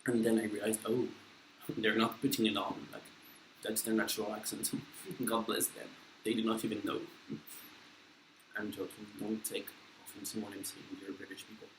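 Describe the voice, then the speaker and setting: A man's voice: fairly low pitch, flat delivery, moderate pace, pauses often, a bit bright, a little hiss or hum. A young man with a French accent, chatting casually while eating, rambling and blunt with lots of fillers. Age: young adult. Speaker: vlogger. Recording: echoey room with faint ambience.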